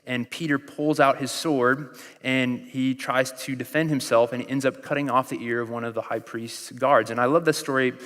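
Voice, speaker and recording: American guy preaching, chatty storyteller, mid-pitched, big echoey hall. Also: steady tone, normal speed, hardly any pauses, fairly bright tone. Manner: conversational preaching with storytelling and acted-out quotes. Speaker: pastor. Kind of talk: sermon.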